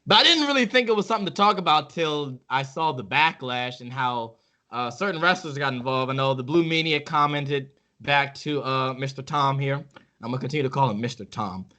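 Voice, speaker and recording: A man's voice: mid-range voice, fairly quick, sharp tone. A man hosting a casual wrestling podcast, ranting heatedly with lots of swearing. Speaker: podcast host.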